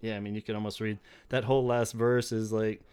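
A man's voice: on the low side, little pitch movement, brisk, a little mellow. A man hosting a podcast in casual chat, laid-back, often laughing and saying "like". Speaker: podcast host.

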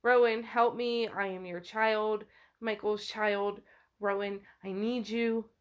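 A woman's voice: medium pitch, steady tone, slow, clean tone, lightly acted. A woman reading as a pleading newborn spirit. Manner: pleading, insistent. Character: demanding newborn male spirit being.

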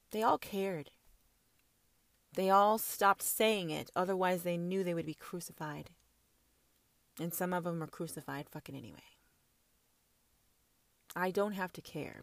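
A woman delivering a profane, ranting monologue as a self-styled prophetess, swinging from loud outbursts to whispers. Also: lowish voice, a little slow, gravelly, long pauses, no room sound.

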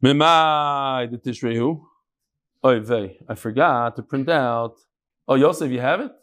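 A man's voice: medium pitch, unhurried, a bit bright. A man teaching a casual daily Talmud class to a live group, chanting the Aramaic text and explaining it in chatty English while joking with his students. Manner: jokes and bickers with students. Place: room with a live study group.

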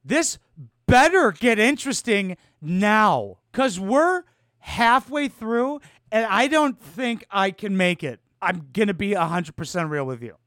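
A man in his twenties hosts a podcast and reacts to a dating clip in a loud, mocking, excitable way, swearing often. His pitch swings widely as he talks. The sound is dry and close to the mic. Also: unhurried, no echo. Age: 20s. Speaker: podcast host reacting to a video. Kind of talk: casual reaction commentary.

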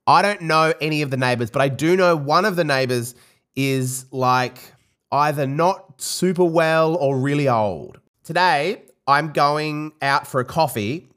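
A man hosting a casual podcast, telling animated stories and acting out loud shrieks. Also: on the high side, measured pace. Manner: lively storyteller who acts out shrieks. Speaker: podcast host. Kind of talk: casual chat.

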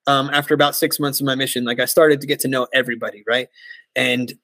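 An American man in his forties, a podcast guest telling lively stories, laughing often and mimicking voices. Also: mid-range voice, fast, no room sound. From United States. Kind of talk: casual storytelling interview.

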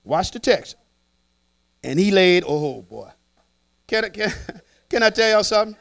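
A man preaching a sermon, animated and playful, trading lines with his congregation in a church. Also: sits high, moderate pace, no echo. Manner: animated, playful, talks back and forth with the congregation.

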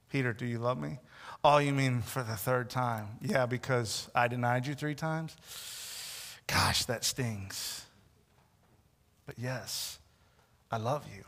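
Male preacher, sermon, higher-pitched voice, acts out the voices he quotes, goes soft and hushed, long reverb.

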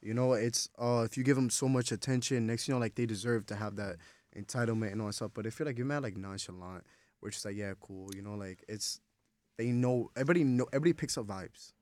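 A man's voice: lowish voice, darkish tone, dry recording. A man, a bartender guest on a podcast, talking loosely with lots of "like". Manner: fast, loose talk full of likes. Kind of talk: casual chat.

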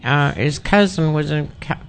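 A woman's voice: low-pitched, moderate pace, gravelly, slight background noise. A woman guest telling a plain, folksy story in a casual chat.

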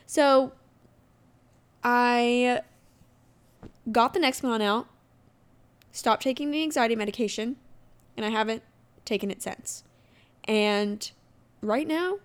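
A woman's voice: a little high, a little slow, pauses often, clear, resonant tone. Chatty young woman telling a story. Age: 20s. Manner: candid, chatty storytelling with lively acted quotes. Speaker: podcast host. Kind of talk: casual solo podcast chat.

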